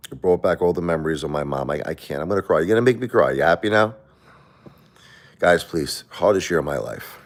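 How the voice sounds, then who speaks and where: A man's voice: sits low, brisk. A middle-aged man hosting a livestream, talking emotionally and defensively to viewers, rambling with repeated words and restarts. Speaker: livestream host.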